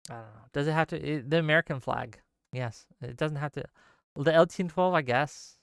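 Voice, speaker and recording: A man's voice: fairly high pitch, a little fast, gravelly, clean tone, no echo, clean studio sound. A man hosting a live stream, ranting casually and sarcastically while reading out viewer comments.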